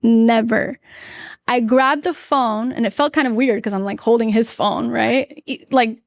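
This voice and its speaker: A woman's voice: on the high side, steady tone, normal speed, creaky, no room sound, clean studio sound. A woman in her thirties, a podcast guest, earnestly telling a personal story and acting out what people said. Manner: candid, earnest, acts out her own quoted lines.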